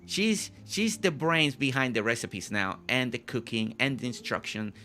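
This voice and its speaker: A man's voice: mid-range voice, lively intonation, moderate pace, pushed and bright, faint music behind. A man hosting a live game stream, chatting casually with viewers, often repeating and restarting his phrases.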